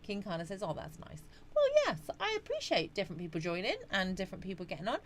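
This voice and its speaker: With faint music in the background, a middle-aged woman hosts a casual live chat from home, calling out viewers by name and reading their comments. Her mid-range voice swoops wildly in pitch, moves fast, and has a fairly bright tone. Chatty by nature, she laughs and yawns a lot.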